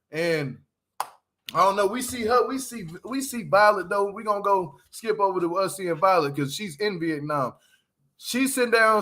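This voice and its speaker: Young man, high voice, bright tone, slangy rambling commentary, frequent laughs. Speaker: reality TV recap vlogger. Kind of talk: casual commentary.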